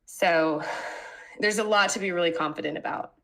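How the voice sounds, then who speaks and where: Podcast host, woman, deep bright voice, hedging filler-heavy talk. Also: normal speed. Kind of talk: casual podcast chat.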